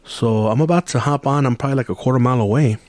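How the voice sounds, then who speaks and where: A man's voice: medium pitch, racing, darkish tone, no room sound. Swearing man mixing in Spanish. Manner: loose, profane, switches into Spanish. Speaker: podcast host. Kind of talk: casual storytelling chat.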